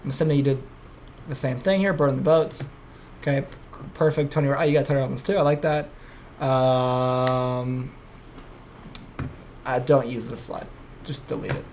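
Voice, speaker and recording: A man hosting a podcast in a casual chat, telling stories in an excitable way, full of swearing. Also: mid-range voice, moderate pace, pauses often, a little hiss or hum. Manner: profane, excitable storytelling. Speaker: podcast host.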